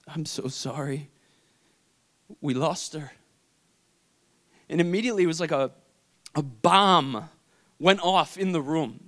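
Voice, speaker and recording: A young adult man telling an emotional personal story in a faith talk, swinging from hushed to intense. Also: fairly high pitch, clean tone. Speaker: speaker.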